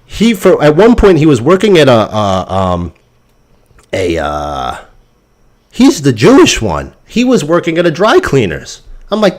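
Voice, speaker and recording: Profane, animated man ranting casually. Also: a little high. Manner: ranting, exasperated. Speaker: crypto stream host. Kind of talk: casual rambling monologue.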